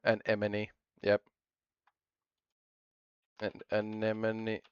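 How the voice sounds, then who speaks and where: A man's voice: lowish voice, monotone, takes it slowly, clean tone, dull audio. A man streaming casually, rambling and joking, often breaking off mid-sentence. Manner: rambling, jokey, self-interrupting. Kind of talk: casual live-stream chatter.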